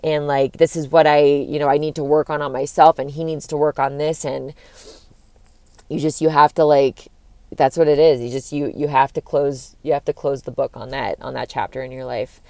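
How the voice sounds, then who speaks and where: Young woman, deep-toned, dry recording, casual rambling talk, frequent filler words, swears. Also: fairly even intonation, normal speed, darkish tone, no echo. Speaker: vlogger giving breakup advice. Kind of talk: casual candid monologue.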